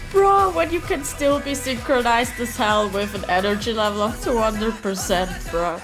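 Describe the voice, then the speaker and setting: A woman and dancer giving reaction video commentary, excitable and slangy, gushing over what she watches. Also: on the high side. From Switzerland.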